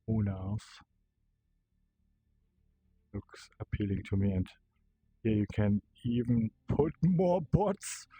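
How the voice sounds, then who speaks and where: A young man giving live commentary while playing a game, excitable and swearing as he yells at the bots. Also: lowish voice, poor audio. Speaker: VR gameplay creator.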